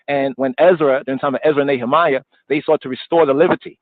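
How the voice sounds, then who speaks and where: A man's voice: medium pitch, steady tone, fast talker, dry recording. Tinny, digressive male scripture teacher. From United States. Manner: loose and digressive, repeating words and phrases; informal street slang mixed with scripture talk. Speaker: Bible study teacher. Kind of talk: live-streamed scripture teaching. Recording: dry, tinny phone-like line.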